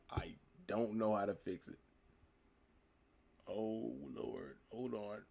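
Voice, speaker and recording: Young male streamer, 19, low and gravelly, relaxed chat reading comments. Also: slow, a little hiss or hum. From United States. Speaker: livestream host. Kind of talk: casual live-stream chat answering comments.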